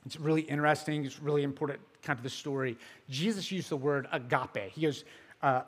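A man giving a sermon as a pastor, telling the story casually with filler words and swinging between loud emphasis and hushed moments. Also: fairly high pitch, fairly quick, breathy edge, big-room sound.

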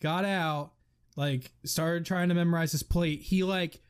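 Guy cohosting a podcast, pretty high voice, tells stories with lots of acted-out quotes. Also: unhurried, clear, resonant tone. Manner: animated storyteller, acts out quotes. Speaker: podcast co-host. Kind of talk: casual chat.

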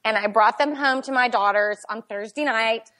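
A woman's voice: a little high, moderate pace. Chatty mother telling a story. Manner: animated, chatty storyteller with many "like"s. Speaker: podcast guest. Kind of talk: casual storytelling chat.

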